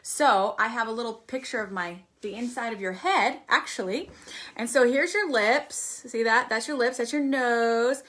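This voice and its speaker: Bright-voiced woman teaching singing. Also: a little high, normal speed. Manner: demonstrates with sung warm-ups and examples. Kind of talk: singing workshop for musical theater. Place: arts center.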